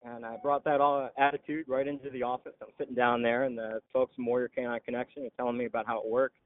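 Halting man on a tinny phone line. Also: mid-range voice, little pitch movement. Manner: halting, frequent "uh" pauses. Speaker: veteran interviewee. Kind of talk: interview storytelling.

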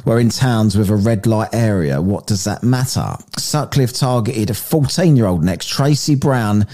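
Lively, jokey male podcast host. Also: fairly low pitch, normal speed. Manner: jokey, reads aloud then riffs. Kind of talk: casual live-stream chat reading crime stories.

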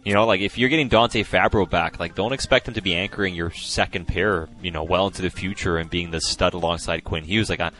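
A man co-hosting a casual podcast chat, talkative and quick to laugh. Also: low voice. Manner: laughs often, chatty, lively. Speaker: podcast co-host, hockey analyst.

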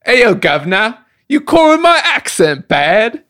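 A man putting on a deliberately bad British accent as a cheeky young lad. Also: high-pitched, big pitch swings, pushed and bright, pitched above the performer's own voice, exaggerated voice.

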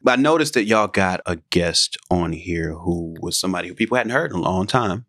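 A man hosting a podcast, asking questions in a relaxed, chatty way and laughing along with his guest. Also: low voice, brisk, no echo, studio quality. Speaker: podcast host. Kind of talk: casual interview.

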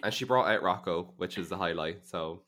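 A man's voice: sits low, moderate pace, pushed and bright. A man, co-hosting a podcast in casual chat, sounding under the weather and swearing freely. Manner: chatty, swearing, self-mocking. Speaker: podcast co-host.

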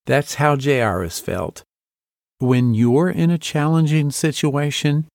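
A man's voice: medium pitch, darkish tone, dry recording, studio quality. A man hosting a devotional podcast, teaching through a Bible story in a reflective way and asking listeners to picture themselves in it. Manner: reflective, asks the listener to imagine the scene.

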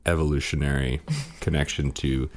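A man co-hosting a parenting podcast, telling family stories in casual chat and sometimes mimicking his kids in a high voice. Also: little pitch movement, moderate pace, darkish tone. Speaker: podcast co-host, father. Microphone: studio microphone.

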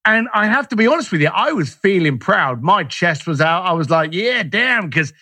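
A man tells stories as an interview guest, and his high voice swoops up and down as he acts out the lines of people he quotes. His tone is bright and a little husky. The recording is close and dry. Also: a little fast, no room sound. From Irish, raised in East London. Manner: animated, acts out quoted dialogue. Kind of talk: storytelling interview talk.

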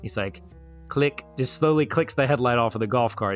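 A young man casually telling a long story to friends, rambling and animated as he acts out what his friends said. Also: mid-range voice, moderate pace, faint music behind. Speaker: storyteller in a truth-or-lie game. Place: Florida.

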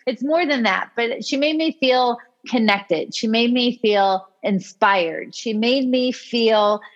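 A woman co-hosting a podcast, telling a story in a casual, animated way. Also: fairly high pitch, slow pace, highs cut off. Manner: animated, acts out quoted speech. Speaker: podcast co-host.

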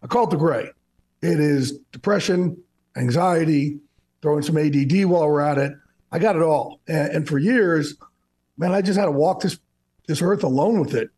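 This husky, somewhat high-pitched man from New Jersey is in his fifties and talks at normal speed. Appearing as a radio guest over a video call, he chats candidly and energetically, repeating and restarting words as he begins each thought in a casual interview.

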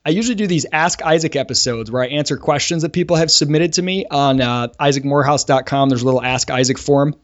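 Lively podcast host, slightly high voice. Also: male voice. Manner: lively, quick, laughs easily. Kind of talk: casual chat. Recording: dull lo-fi sound.

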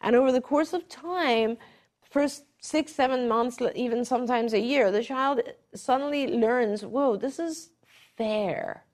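A middle-aged woman, a behavior therapist, explaining her work in a conversational webinar and reacting warmly. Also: a little high, unhurried.

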